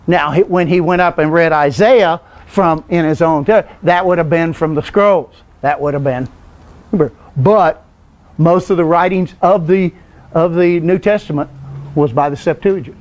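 High-voiced man teaching a Bible class. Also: darkish tone. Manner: conversational, quizzes the class with questions; loose, digressive explaining. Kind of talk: informal Bible study lecture.

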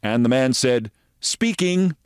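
A man's voice: mid-range voice, animated, moderate pace, no room sound, clean studio sound. A man in his sixties hosting a commentary show, telling anecdotes in a wry, conversational way. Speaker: show host.

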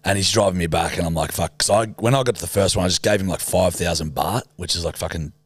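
A young Australian man with a low, fairly deep voice tells a rambling, swear-filled story to his co-host. His voice sounds close and dry, with no room around it. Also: fast talker, slightly rough, no echo. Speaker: podcast co-host. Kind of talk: casual storytelling chat.

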